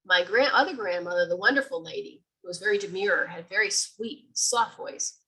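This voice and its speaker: Husky, chatty woman giving a talk. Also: on the low side, normal speed, low-quality recording. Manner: chatty, animated, acts out sounds. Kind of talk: informal library talk.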